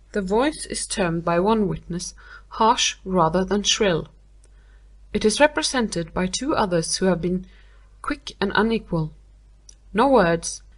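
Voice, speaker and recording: A woman's voice: mid-range voice, close to an everyday voice. Detached male sleuth, coolly lays out his logic, read by a woman in her own voice. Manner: measured, reasoning. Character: cool analytical male detective, detached.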